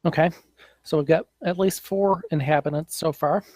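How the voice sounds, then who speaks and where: A man playing a tabletop game, reasoning through his character's options out loud. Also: a little high, moderate pace, no echo, poor audio. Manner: thinking aloud, analytical. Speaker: player.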